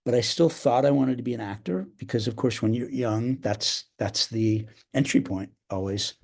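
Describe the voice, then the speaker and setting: A man's voice: mid-range voice, moderate pace, creaky. An older man, a theater director as interview guest, speaking reflectively with frequent restarts and a slight cough. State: slight cough, clearing throat. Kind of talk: podcast interview.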